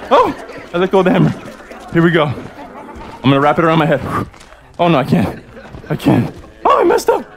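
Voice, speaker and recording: A man hosting a live-streamed game, excitable and playful with loud exclamations. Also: fairly high pitch, normal speed, pauses often, some chatter behind, a little hiss or hum. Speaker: gameplay host.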